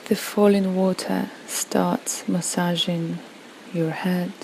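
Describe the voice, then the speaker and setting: A woman guides a relaxation visualization in a slow, soothing voice with long pauses. Her tone is mellow and gravelly. A faint ambient hum sits behind her. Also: lowish voice, little pitch movement, low-quality recording. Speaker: yoga and meditation guide.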